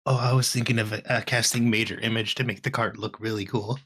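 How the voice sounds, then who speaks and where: A man's voice: fairly low pitch, fairly even intonation, brisk, fairly bright tone, slightly rough. A man playing a tabletop game in character, thinking aloud with hesitant restarts.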